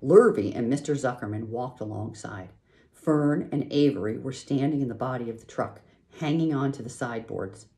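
A woman reading a children's book aloud, in an expressive, lively way. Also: very deep voice, normal speed. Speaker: reader.

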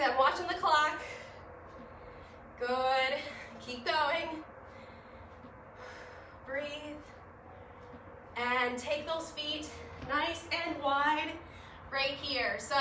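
A woman fitness instructor guiding a gentle home workout, upbeat and encouraging, a little winded, recorded in her living room. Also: high-pitched, background noise. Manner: upbeat, encouraging, laughs at herself. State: slightly winded. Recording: echoey room, mic at a distance.

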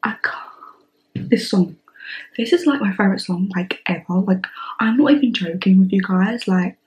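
A woman in her twenties hosting a song reaction vlog, gushing and excitable, sometimes dropping to breathy whispers. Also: mid-range voice, moderate pace, a little hiss or hum, poor audio. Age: 20s. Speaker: reaction channel host.

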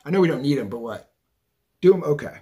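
Over a noisy background, a very animated middle-aged man talks fast in a slightly high voice. He's a psychic doing a casual, rambling tarot monologue, tacking "right?" and "okay?" onto his lines again and again.

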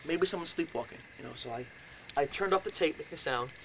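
Man, middle-aged, slightly high voice, storyteller who whispers and shouts the quotes; noisy live recording with crickets behind. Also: expressive, quick pace, vocal fry. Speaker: speaker telling a ghost story. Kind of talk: animated storytelling to an audience. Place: indoors, house.

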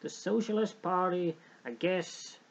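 A man's voice: high-pitched, unhurried, vocal fry, muffled recording. A young man hosting a let's play, joking and rambling as he reads game text aloud. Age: young adult. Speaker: gaming channel host.

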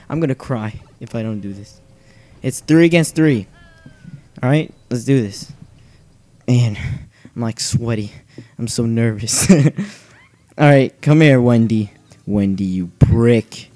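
A young man commenting on his own video game play, nervous and self-mocking, breaking into shouts. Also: fairly high pitch, unhurried, no room sound. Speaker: gaming channel host. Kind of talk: excited let's play commentary.

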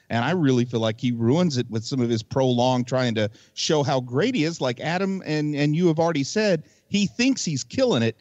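A man's voice: medium pitch, darkish tone, no echo, lo-fi sound. A man co-hosting a podcast, casually picking apart a movie with rambling, critical remarks. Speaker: podcast co-host. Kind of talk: casual movie review chat.

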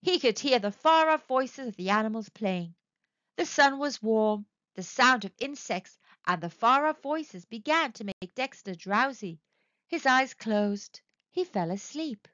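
A woman narrating a children's story aloud in an expressive, sing-song way. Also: fairly high pitch, unhurried, dry recording, lo-fi sound.

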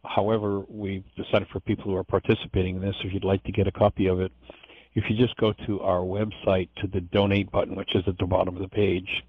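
Male course teacher, husky and gravelly, earnest and digressive delivery; dull lo-fi call sound. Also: sits low, little pitch movement, fast talker, no room sound. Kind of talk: informal course lecture.

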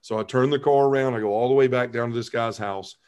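Man in his 40s, podcast guest, middle pitch, earnest animated storyteller. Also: quick pace, smooth. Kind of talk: telling his conversion story.

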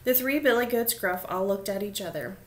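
A woman reads a children's story aloud in an expressive storytelling voice. She slows down for the dramatic details and lets the rhythm of the tale carry. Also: medium pitch. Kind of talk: storybook reading.

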